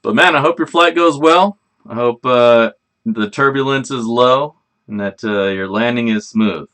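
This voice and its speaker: A man's voice: mid-range voice, a little slow, a bit bright. A man hosting a casual livestream, chatting in a rambling, laid-back way and swearing freely. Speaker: livestream host.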